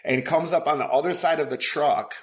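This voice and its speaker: A man's voice: fairly high pitch, brisk. A man co-hosting a casual podcast, telling stories in a profane, rambling way with many fillers and bursts of laughter. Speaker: podcast co-host.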